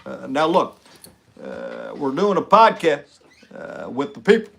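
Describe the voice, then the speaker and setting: A man doing an impression of a measured male politician who talks slowly, with drawn-out "uh" pauses. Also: fairly high pitch, big pitch swings, gravelly, fairly bright tone, slightly rough, voice pushed down, heavily acted. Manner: slow, halting delivery with drawn-out "uh" pauses.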